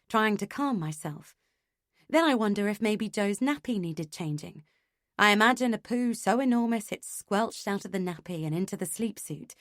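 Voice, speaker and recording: A woman's voice: mid-range voice, dry recording. Woman narrating a thriller, dry close. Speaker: audiobook narrator. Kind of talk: first-person audiobook narration.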